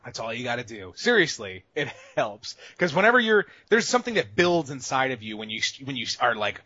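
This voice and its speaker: A man with a lively, forceful, bright voice chats casually on a podcast. He swings between loud, excitable bursts and quiet, muttered asides, and he swears freely. The sound is dry and slightly dull. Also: medium pitch, brisk, no echo. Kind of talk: casual advice chat about gaming rage.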